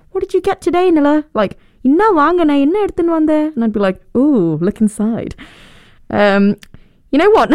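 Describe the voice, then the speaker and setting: A woman's voice: lowish voice, clear, resonant tone, no echo, clean studio sound. A young woman, hosting a podcast and telling stories in a chatty, self-deprecating way with frequent laughs. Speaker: podcast host. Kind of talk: casual storytelling monologue.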